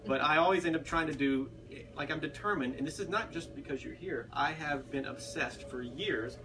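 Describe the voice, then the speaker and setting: A man's voice: on the high side, moderate pace, over music. A man with an American accent, a radio host running a casual interview, rambling and joking at his own expense. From United States. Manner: rambling, joking, self-deprecating. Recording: distant mic with background noise.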